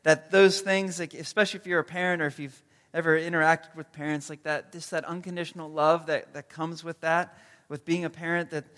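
A man preaching a sermon as pastor, earnest and gentle, with comic asides in other parts. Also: a little high, little pitch movement, a little fast, few pauses, long reverb tail. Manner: comedic storytelling with acted-out quotes.

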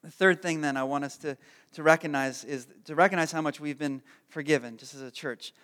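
Brief: man, thirties, pastor preaching, high voice, humble and heartfelt, big reverberant sanctuary. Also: fairly even intonation, a little fast, a bit bright. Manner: self-deprecating storyteller, earnest and heartfelt. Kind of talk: sermon with personal story. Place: church sanctuary. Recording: long hall reverb.

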